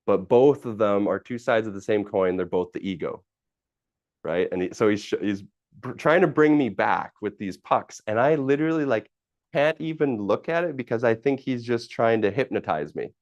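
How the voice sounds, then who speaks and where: Man, low voice, host of a live session, rambling story full of fillers, dry lo-fi sound. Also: animated, moderate pace, no echo. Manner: rambling, with many fillers, restarts and casual swearing. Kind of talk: casual personal storytelling.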